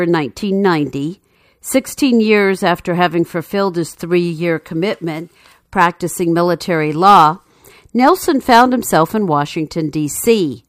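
A woman telling a true story as scripted narration, in a measured, steady way. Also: lowish voice, dry recording, studio quality.

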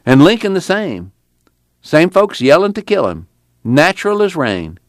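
A man voicing an earnest, excitable former preacher with a rural drawl. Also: on the high side, a little slow, dry recording, clean studio sound, pitched above the performer's own voice. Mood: impassioned. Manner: rural Dust Bowl drawl, impassioned.

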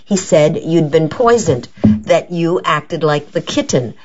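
A woman's voice: low-pitched, expressive, measured pace, darkish tone, faint music behind. A young niece explains herself carefully, without much conviction, as a woman reader voices her. The sound is dull and lo-fi. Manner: unconvincing, careful. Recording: dull lo-fi recording.

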